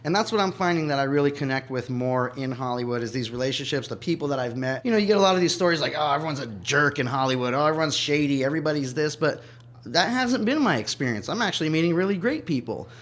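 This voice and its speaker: A man's voice: on the high side, expressive, fast, a bit bright. A man in his thirties hosting a podcast, asking reflective questions about his guest's life. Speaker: podcast host. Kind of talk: casual interview.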